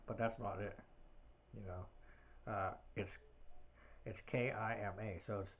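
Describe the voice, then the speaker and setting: A man hosts his own solo podcast, chatting casually and rambling, full of fillers and side tangents. His gravelly voice is fairly low and fairly bright, with fairly even intonation and a slow pace. There's a little hiss or hum.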